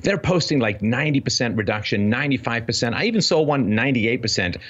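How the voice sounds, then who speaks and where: A man's voice: medium pitch, animated, fast talker, fairly bright tone, lo-fi sound. A man from Ireland raised in Canada, a guest on a talk show, telling stories and making points in a wry, articulate way. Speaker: guest commentator. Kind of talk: casual talk show conversation.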